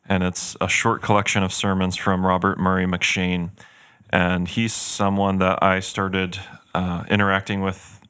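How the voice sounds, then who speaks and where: A man's voice: low-pitched, pushed and bright, clean tone, no room sound, clean studio sound. A man co-hosting a church podcast, chatting earnestly and thoughtfully about a book he recommends. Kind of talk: casual book recommendation chat.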